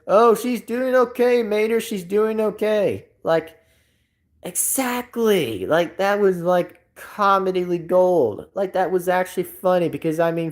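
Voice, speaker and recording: Man hosting a live stream, slightly high voice, rambles and repeats himself, casual chat. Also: darkish tone.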